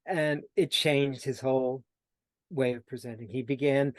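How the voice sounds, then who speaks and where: A man who works as a personal transformation coach tells personal stories as a guest on an interview show. He's an animated storyteller who acts out quoted dialogue, and he repeats and restarts his words when searching for them. His mid-range voice is unhurried, with no room sound.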